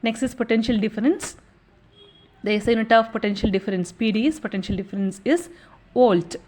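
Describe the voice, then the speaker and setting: In this exam revision lesson, a young woman with a slightly high voice and darkish tone works through the material patiently and methodically, recapping each point. Before each new step she often pauses on "so" or "okay."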